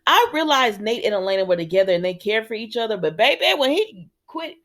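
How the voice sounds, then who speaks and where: A woman hosts a soap opera recap, chatting casually and talking straight to her viewers while acting out characters' lines as she retells. Her medium-pitched voice is a bit bright, a little fast, with big pitch swings, and her manner is conversational.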